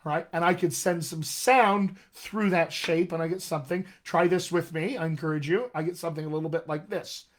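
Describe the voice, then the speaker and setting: A man's voice: on the high side, steady tone, a little fast, hardly any pauses, slight background noise. A man running a live-streamed accent lesson as a dialect coach, explaining tongue and lip shapes and demonstrating vowel sounds. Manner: demonstrates vowel sounds, addresses viewers as friends.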